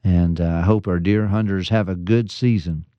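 Man, pastor, folksy radio devotional, low voice, dull dry broadcast sound. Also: fairly even intonation, moderate pace, dry recording. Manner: folksy, chuckling storyteller with restarts.

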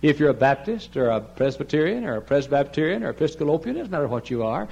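A male pastor delivering a sermon in a church sanctuary. His voice drops to a hushed, earnest plea, then climbs into loud, ringing cries. He tells folksy stories and acts out the people in them. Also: mid-range voice, sing-song, fast, creaky, hardly any pauses, husky, dull audio. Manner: swings between hushed pleading and loud shouted emphasis.

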